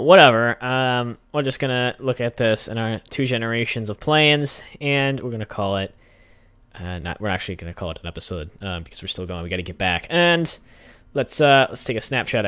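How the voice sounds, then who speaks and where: A man's voice: fairly low pitch, fairly bright tone, clean tone, no echo. Chatty young man narrating his gameplay. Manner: chatty, talks to game characters, easily exasperated. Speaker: gaming channel host. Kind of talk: casual gameplay commentary.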